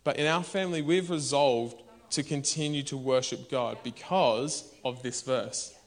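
A man preaches in a church hall, his medium-pitched voice unhurried. The sermon is conversational and animated, punctuated by sudden shouts.

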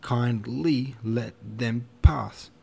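A man's voice: medium pitch, brisk, vocal fry, mellow, lightly acted. A man voicing a proud young prince giving curt commands in an audiobook. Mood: stern.

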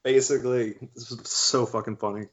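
A man's voice: medium pitch, fairly even intonation, brisk, highs cut off. A man joking around in casual podcast chat, with wry asides and the odd swear. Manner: jokey, wry asides, profanity.

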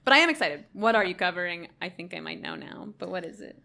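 A woman's voice: on the low side, quick pace, vocal fry. A woman co-hosting a casual chat podcast, telling stories animatedly and laughing often. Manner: giggly, animated storytelling. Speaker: podcast co-host.

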